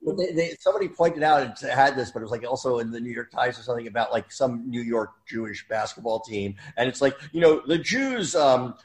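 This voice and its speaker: A man's voice: mid-range voice, a little fast, few pauses, rough recording. Man rambling through an anecdote. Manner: rambling, animated storytelling. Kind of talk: casual chat.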